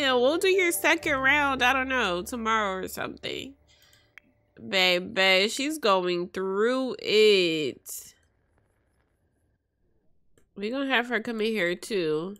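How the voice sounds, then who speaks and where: A woman's voice: a little high, animated, drawn-out words, pauses often, sharp tone. A young woman giving chatty, slangy commentary while playing a life-sim game, laughing often. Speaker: let's play host.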